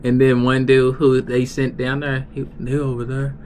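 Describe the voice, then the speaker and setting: A young man on a live stream tells a story casually, with a mid-range voice. He rambles and restarts often. A faint steady noise sits behind him. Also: mid-range voice, normal speed. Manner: rambling, many restarts and fillers. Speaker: livestreamer.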